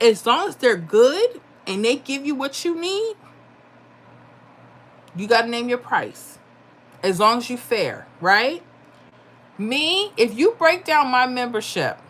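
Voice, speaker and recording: A woman's voice: on the high side, fairly bright tone, a little hiss or hum. A middle-aged woman hosts a live stream in a casual, chatty way, reading viewer comments aloud. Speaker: livestream host giving lottery picks. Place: home.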